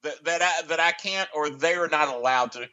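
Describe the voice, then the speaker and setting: A man's voice: on the high side, moderate pace, pushed and bright, clear, resonant tone, dull audio. A man telling a long comic story as a podcast guest, ranting and swearing heatedly.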